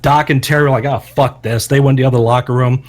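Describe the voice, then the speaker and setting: A man co-hosting a podcast, telling a long story in a casual, profane and animated way. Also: mid-range voice, racing. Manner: animated, profane, acts out quotes loudly. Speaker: podcast co-host.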